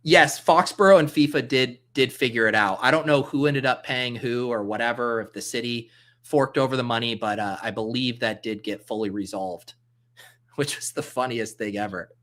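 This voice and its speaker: Hosting a relaxed livestream, a man drafts his fantasy football team, thinking out loud and answering chat comments in a loose, jokey way. He has a mid-range, fairly bright voice and keeps a moderate pace.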